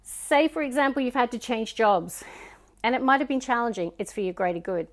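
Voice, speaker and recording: A woman with a Scottish accent giving a casual tarot card reading, musing and chatty, sometimes dropping to soft murmurs. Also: on the high side, fairly quick. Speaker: tarot reader.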